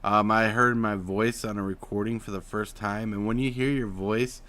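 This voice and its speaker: A man's voice: lowish voice, moderate pace. Man from Utah chatting on a live stream. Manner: explains voice technique, swings between flat drawl and excited emphasis. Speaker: streamer host. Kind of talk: casual live-stream chat.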